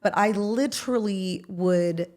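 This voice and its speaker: A middle-aged woman telling rambling, animated anecdotes as a guest in a casual interview. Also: medium pitch, slow pace. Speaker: guest, talent manager.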